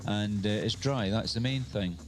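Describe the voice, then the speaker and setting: A man co-hosting a live radio show, chatting calmly and explaining things. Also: on the low side, normal speed. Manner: relaxed, knowledgeable, explains calmly. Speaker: radio co-host. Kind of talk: casual live radio chat.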